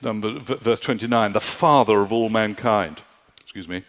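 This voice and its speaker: A man's voice: on the low side, moderate pace, fairly bright tone. Emphatic male preacher in a reverberant hall. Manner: emphatic, often asks "do you see?". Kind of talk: sermon.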